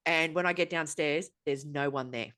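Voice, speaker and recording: A woman's voice: sits low, moderate pace, fairly bright tone. Exasperated, sweary Australian woman. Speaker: podcast host. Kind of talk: casual chat, storytelling.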